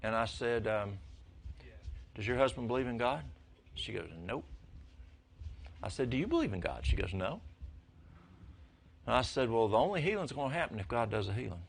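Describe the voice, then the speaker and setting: An older man telling folksy stories to a church congregation, his voice jumping high when excited. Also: normal speed, vocal fry, pauses often, a little hiss or hum. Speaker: lay speaker at church. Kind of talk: storytelling talk to a congregation.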